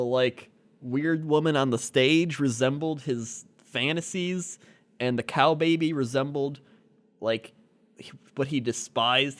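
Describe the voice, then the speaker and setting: Podcast co-host, a man of middle pitch, a rambling storyteller. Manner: rambling storyteller, filler-heavy, laughs easily. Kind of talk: casual comedic chat.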